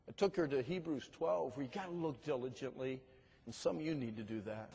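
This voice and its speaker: A man's voice: medium pitch, normal speed, a little mellow, husky. A man preaching a sermon in a university chapel, impassioned and speaking straight to the congregation. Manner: impassioned, addresses the congregation directly. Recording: long chapel reverb.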